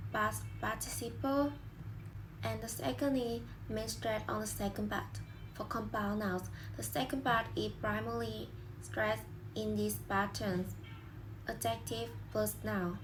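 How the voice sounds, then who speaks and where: A young woman reads a prepared class presentation slowly, in a fairly high voice, with some slips. Steady noise runs under the recording. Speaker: student presenter. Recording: clear background noise.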